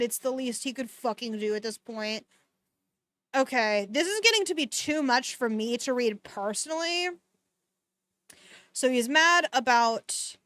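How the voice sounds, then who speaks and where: A woman's voice: a little high, fairly bright tone, smooth, no room sound. A woman streamer reading a novel aloud to her viewers, breaking off for sarcastic asides and swearing. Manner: sarcastic asides, swearing between read passages. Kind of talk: casual book reading with commentary. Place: home streaming setup.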